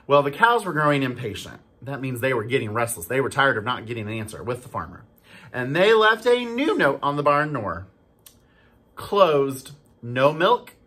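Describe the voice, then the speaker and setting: School staffer reading a picture book to kids, husky, super expressive, asks questions. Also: mid-range voice. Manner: animated, stops to ask children questions. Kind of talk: storybook read-aloud for kids.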